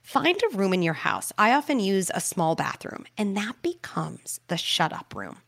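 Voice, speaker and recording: A woman hosting an advice call-in show, talking parents through tantrums in a warm, animated way and acting out playful scripts. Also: medium pitch, moderate pace, gravelly. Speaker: parenting expert, show host.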